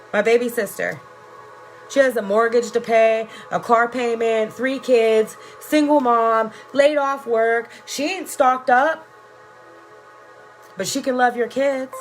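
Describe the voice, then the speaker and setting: A woman's voice: sits high, fairly bright tone. A woman on a live video, reading viewer comments and preaching love and faith in an effusive, profane way. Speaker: energy worker and life coach.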